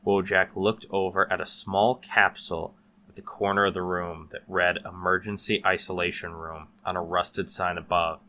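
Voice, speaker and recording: A man narrating a horror story in a steady, measured way. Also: sits low.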